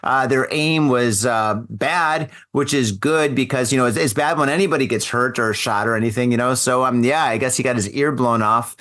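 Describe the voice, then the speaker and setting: A man's voice: medium pitch, moderate pace, hardly any pauses, a bit bright. A middle-aged man hosting a casual live podcast over a video call, rambling, joking and repeating himself. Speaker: podcast host.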